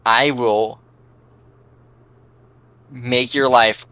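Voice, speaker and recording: A man voicing Delphina, a stern, protective figure who speaks in a low, threatening way in a tabletop game. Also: steady tone, very slow, sharp tone, clean tone, dry recording. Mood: menacing.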